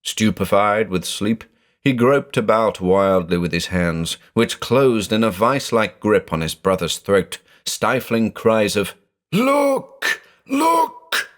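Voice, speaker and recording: Deep-voiced man narrating horror. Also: measured pace. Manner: dramatic, expressive storytelling.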